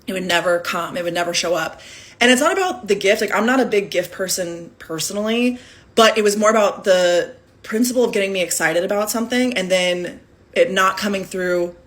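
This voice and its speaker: A woman in her thirties tells a personal story straight to her phone camera in a casual storytime. Her voice sits at a middle pitch, and she talks candidly and animatedly. She acts out the quoted lines as she goes. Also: fairly quick, a bit bright. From California.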